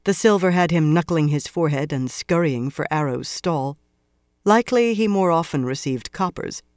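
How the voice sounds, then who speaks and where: An audiobook narrator reads a fantasy novel aloud in a measured, even storytelling delivery from a script. The voice is medium-pitched, and the studio sound is clean with no room sound.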